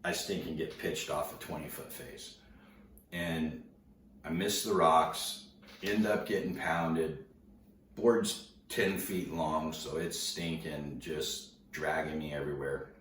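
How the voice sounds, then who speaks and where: A man casually telling a story to an audience, laid-back and slangy, animated as he recounts it. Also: extremely low pitch, takes it slowly. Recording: roomy, distant mic, faint noise.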